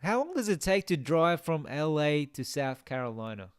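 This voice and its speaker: A man's voice: on the high side, big pitch swings, moderate pace, smooth, no echo, studio quality. A young man chatting casually on a game live stream, reading out viewer comments and musing aloud.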